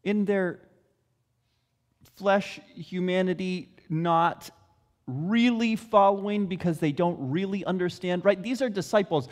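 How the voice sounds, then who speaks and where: A man preaching a sermon, telling the story with expressive delivery. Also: sits high, unhurried.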